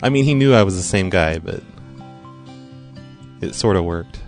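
A man hosting a show, talking in a low-key, rambling way. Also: animated, normal speed, faint music behind. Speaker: host. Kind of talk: casual chat.

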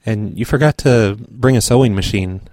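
A man making a prank phone call, pushy, rude and deadpan. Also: on the low side, normal speed, no echo, clean studio sound. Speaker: prank caller.

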